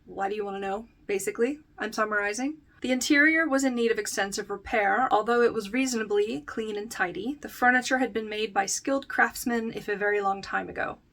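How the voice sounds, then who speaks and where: Here is a bright, crisp young woman talking a little higher than most as she recaps a book chapter for a review video. She chats loosely with plenty of fillers and frequent laughs, and now and then she slips into reading lines straight from the text. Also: fairly quick, few pauses. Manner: chatty, filler-heavy, laughs often, reads book passages aloud. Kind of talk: casual book-versus-show recap.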